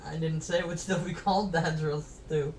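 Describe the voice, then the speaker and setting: A woman's voice: low-pitched, fairly even intonation, moderate pace, darkish tone, slight background noise. A woman chiming in from off to the side of a casual home vlog with brief, dry remarks. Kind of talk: casual chat.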